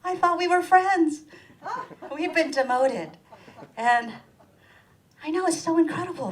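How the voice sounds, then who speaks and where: A middle-aged woman delivers a stand-up comedy set in a small performance room. She is animated and storytelling, her pitch leaping up sharply whenever she acts out someone else's words. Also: unhurried, pauses often, low-quality recording. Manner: animated, acts out quoted voices with big pitch jumps.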